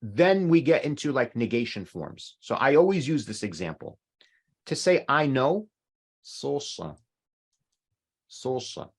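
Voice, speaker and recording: Man, middle-aged teacher, lively pitch, patient explaining, video call. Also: moderate pace, breathy edge. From North America. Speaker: language teacher. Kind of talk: online class teaching.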